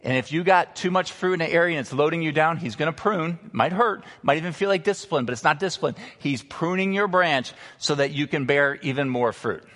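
A man pastor preaching a sermon, emphatic, slowing down to stress key words. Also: fairly high pitch, a bit bright. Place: church sanctuary. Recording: long reverb of a large hall.

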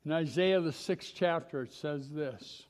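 A man preaching a sermon as a guest pastor, impassioned, moving between hushed, slow passages and rising exhortation. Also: a little high. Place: church sanctuary. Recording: long reverb of a large hall.

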